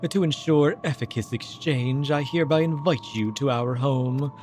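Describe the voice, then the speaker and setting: A man reading the lines of a solemn, otherworldly ghostly creature in a stately, measured way. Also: medium pitch, darkish tone, a little hiss or hum, pitched above the performer's own voice, lightly acted.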